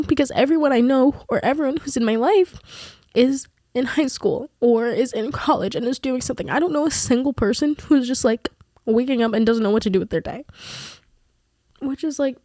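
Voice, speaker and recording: A woman's voice: a little high, darkish tone, no room sound, clean studio sound. A young adult woman talking candidly in a confessional vlog, rambling with many fillers. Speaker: vlogger.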